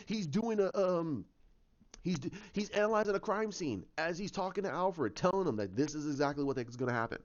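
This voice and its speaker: A man giving a casual fan rant, rambling and excited, with lots of restarts. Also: on the high side. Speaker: commentator. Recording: dull lo-fi sound.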